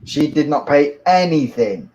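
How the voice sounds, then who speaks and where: A man's voice: on the high side, big pitch swings, unhurried, darkish tone, dull audio. A man calling into a live stream, arguing in a pompous, formal manner. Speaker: caller. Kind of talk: heated live-stream argument.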